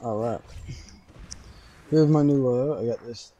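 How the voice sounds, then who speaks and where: A young man casually commenting on his gameplay for viewers, joking around and now and then bursting out in loud excitement. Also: mid-range voice, measured pace, dull audio. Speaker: gaming streamer.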